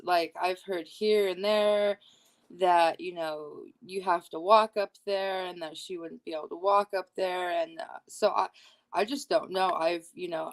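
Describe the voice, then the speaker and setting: A woman chatting hesitantly with many fillers as a panelist on a video call. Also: lowish voice. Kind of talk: casual chat.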